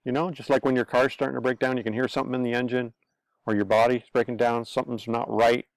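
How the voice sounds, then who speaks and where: Gravelly man giving blunt advice. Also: medium pitch, level tone, quick pace, no echo. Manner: blunt, earnest, repetitive, swears. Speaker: online pastor-commentator. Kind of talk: casual advice monologue.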